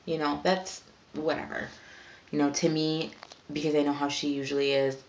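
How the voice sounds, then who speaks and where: A woman's voice: deep voice, little pitch movement, moderate pace. A young woman vlogging at home, venting in a frustrated, rambling way with lots of fillers. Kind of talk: casual vlog venting.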